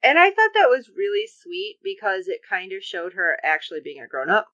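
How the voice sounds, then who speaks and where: In a casual podcast recap of a TV episode, a woman co-host animatedly acts out what the characters said. Her medium-pitched voice moves a little fast, and the lo-fi recording is dry and dull.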